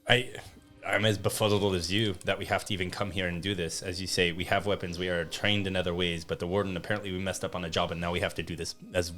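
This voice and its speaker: A man with a low, deep voice talking through his moves at a tabletop game, hesitant and full of restarts. Faint music sits underneath. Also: level tone, fast talker, a bit bright. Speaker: player.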